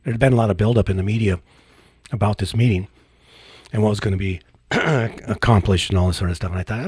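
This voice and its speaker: A husky man with a low voice co-hosts a casual political talk show, rambling conversationally. The recording is close and dry. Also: fairly even intonation, a little fast, a little mellow, dry recording. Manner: rambling, conversational, many restarts. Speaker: co-host.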